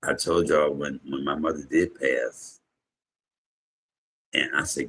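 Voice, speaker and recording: A man hosting a livestream, giving an emotional, preacher-like testimony to his viewers, shifting from low murmurs to high exclamations. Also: steady tone, unhurried, long pauses, fairly bright tone, a little hiss or hum. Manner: preacherly, call-and-response to viewers. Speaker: livestream host, comedian.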